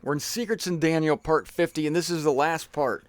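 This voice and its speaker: A man's voice: a little high, a little fast, no echo. A man giving a casual, joking Bible teaching talk, digressing as he goes.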